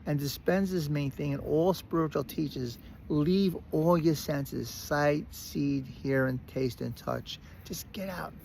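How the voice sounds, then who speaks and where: A man with a Brooklyn accent telling a personal story in a casual, animated way, often restarting and repeating words. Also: fairly high pitch, takes it slowly, vocal fry, hardly any pauses, slight background noise. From Brooklyn, New York. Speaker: recovery speaker.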